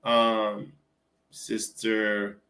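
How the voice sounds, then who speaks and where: A man co-hosting a casual political talk show, talking in halting bursts with many restarts. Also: on the low side, monotone, bright, forceful tone, poor audio.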